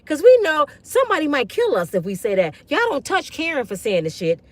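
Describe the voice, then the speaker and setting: A woman's voice: high voice, huge pitch swings, brisk, no room sound. A woman ranting bluntly and profanely in a casual livestream on her phone. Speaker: online commentator.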